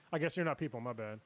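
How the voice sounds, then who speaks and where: A man's voice: medium pitch, no echo. A man hosting a casual livestream chat, joking around and steering the conversation onto new topics.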